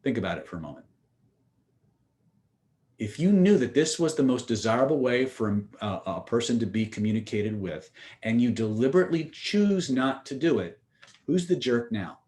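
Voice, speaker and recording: A man's voice: mid-range voice, lively intonation, moderate pace, darkish tone. A man teaching communication skills in a seminar, telling stories and speaking emphatically, with direct rhetorical questions. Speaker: influence and communication trainer.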